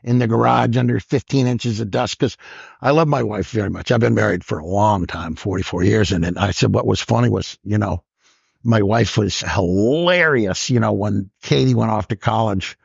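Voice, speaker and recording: A man in his sixties, a comedian, telling lively stories on a podcast and acting out the lines of other people. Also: on the low side, moderate pace, vocal fry, breathy edge, dry recording. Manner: animated storyteller who acts out other people's lines. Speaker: guest comedian. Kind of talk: storytelling interview. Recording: dull lo-fi podcast audio.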